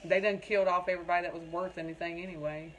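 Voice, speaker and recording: A woman's voice: lowish voice, fairly even intonation, rapid-fire, fairly bright tone, a little hiss or hum. Chatty woman livestreaming crafts. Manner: chatty, rambling, talks to viewers in the comments. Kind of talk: casual livestream chat.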